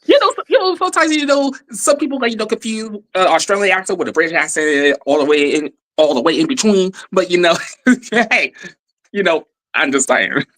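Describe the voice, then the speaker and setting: A man's voice: sits high, lively intonation, fairly quick, fairly bright tone. An American man in a casual online chat, playful and giggly, often saying "you know.".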